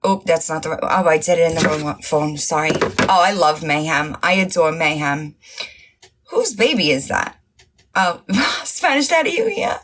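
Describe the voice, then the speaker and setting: A woman's voice: low voice, expressive, normal speed, a bit bright, a little hiss or hum. A woman hosting a casual livestream, mocking and profane, laughing often and losing her voice. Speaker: livestream host.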